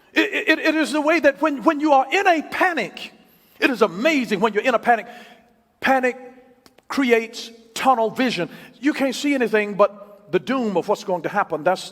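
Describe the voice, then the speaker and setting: Brief: male preacher, high and lively voice, emphatic repeats, long hall echo. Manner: emphatic, repeats key phrases, swings from loud to hushed. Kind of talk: sermon.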